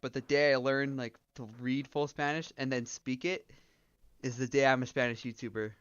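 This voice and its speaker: Casual young canadian streamer dude, swears a lot, kinda dull dry audio. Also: male voice, medium pitch, little pitch movement, moderate pace, fairly bright tone, clear, resonant tone, no room sound. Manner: joking, swears, laughs often. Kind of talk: casual livestream chat.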